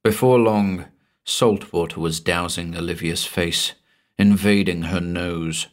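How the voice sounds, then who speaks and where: A man reading a scripted horror story aloud in a measured, dramatic way, dropping to a hush at the ends of phrases. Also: sits low, fairly even intonation. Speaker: narrator.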